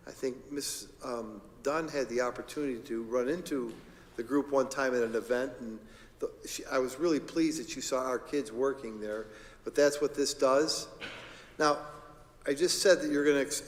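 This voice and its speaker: Man, school administrator, board meeting report, casual and joking, mid-pitched, long hall reverb. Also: steady tone, moderate pace. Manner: informal, joking, conversational. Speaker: school district administrator presenting agenda items. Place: public board meeting room.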